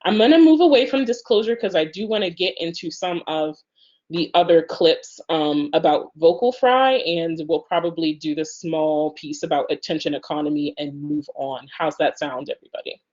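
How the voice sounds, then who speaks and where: A woman's voice: low-pitched, moderate pace, darkish tone. A woman leading an online workshop, talking loosely with many fillers over a video call. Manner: loose, filler-heavy speech. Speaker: workshop instructor. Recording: slightly muffled video call audio.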